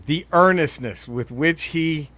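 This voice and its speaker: A man's voice: on the high side, a little slow, pushed and bright. A man co-hosting a podcast in casual banter, profane and joking, laughing often and restarting his sentences as he rambles. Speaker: podcast co-host.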